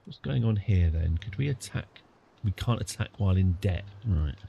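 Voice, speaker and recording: A British man streaming a strategy game, chatting through it and getting excited and apologetic in turns. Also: sits low, moderate pace, vocal fry, slight background noise. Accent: British English. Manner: chatty, easily excited, apologetic after outbursts. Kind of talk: live game commentary.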